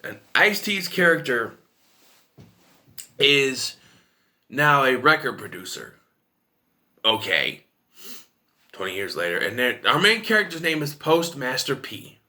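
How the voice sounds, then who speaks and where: Bright, lively-voiced man reviewing films. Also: medium pitch, slow pace, long pauses. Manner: rambling and opinionated. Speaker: film reviewer. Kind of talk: casual video review.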